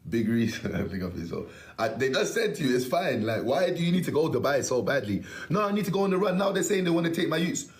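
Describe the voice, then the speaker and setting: A man's voice: medium pitch, sing-song, brisk, few pauses. Young man, slangy, emphatic rant, swears a lot, roomy echo on the mic. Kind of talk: casual ranting story.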